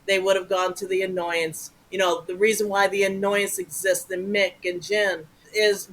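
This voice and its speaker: Bright-voiced animated woman storyteller. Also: mid-range voice, moderate pace, few pauses, rough recording. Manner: animated, profane, acts out voices. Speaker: guest. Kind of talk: casual storytelling interview.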